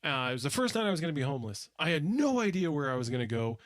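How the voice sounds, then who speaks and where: A man's voice: fairly high pitch, very animated, racing, no room sound. A man co-hosting a podcast in loose, profane casual chat, laughing often. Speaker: podcast co-host.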